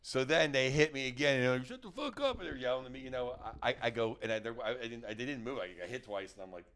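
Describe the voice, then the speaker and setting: A man's voice: medium pitch, fairly even intonation, fast, fairly bright tone. A middle-aged man, a guest comedian, telling rambling stories in casual chat and acting out what people said. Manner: rambling, restarts and acts out quotes. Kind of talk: casual storytelling.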